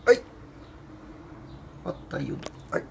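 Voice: takes it slowly, a little hiss or hum. A pet owner filming cats and talking to them in a playful, teasing, coaxing way, with simple non-native English grammar. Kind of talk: playful talk to pets.

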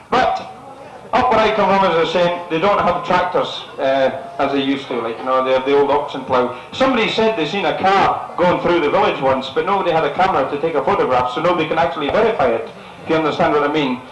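Speaking a little fast in a fairly high voice, a man from Scotland's northeast coast works as a concert compere, telling cheeky jokes and laughing at his own lines. It's live stand-up in an echoey hall with a loud crowd, audience laughter and background noise.

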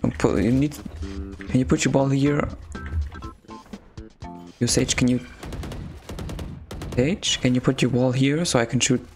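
A man's voice: medium pitch, steady tone, a little slow, long pauses, soft background music. A man chatting over game voice chat, full of crude jokes and playful trash talk. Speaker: gamer streaming voice chat.

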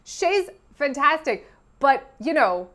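High-voiced excitable woman co-host. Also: slow, slight background noise. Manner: excitable, swings to loud outbursts. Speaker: podcast co-host. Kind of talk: casual chat.

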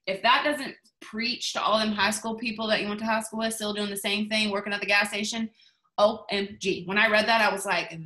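A woman's voice: medium pitch, fairly even intonation, a little fast, sharp tone. A woman giving a motivational talk to her team over a video call, in a chatty, gushing way. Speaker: team leader.

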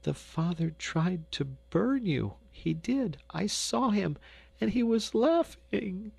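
A man voicing a frightened poor little girl who pleads with a high, trembling, tearful voice in a storybook reading. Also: sing-song, slow pace, gravelly, darkish tone, breathy edge, no echo, heavily acted.

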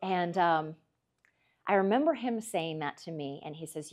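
A middle-aged woman, a meteorologist telling folksy, lively stories as a guest speaker at a club. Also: fairly low pitch, unhurried. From Kansas. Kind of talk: after-dinner talk, storytelling.

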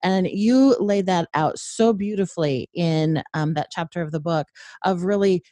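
A woman's voice: lowish voice, unhurried, warm tone, dry recording. A woman hosting a faith podcast, chatting in an affirming, thoughtful way with her guest. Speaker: podcast host. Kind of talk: interview chat.

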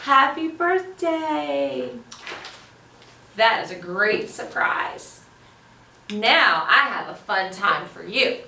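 A woman hosting a children's library storytime, reading picture books aloud in an animated, sing-song, encouraging way. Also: mid-range voice, slow pace, a little hiss or hum. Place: library room. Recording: roomy, voice from a distance.

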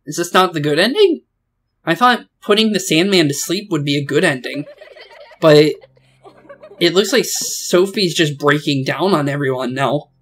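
A woman's voice: deep voice, expressive, normal speed, breathy edge. A woman hosting a let's play, reading a story game's dialogue aloud and making chatty asides. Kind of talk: playing and voicing a story game.

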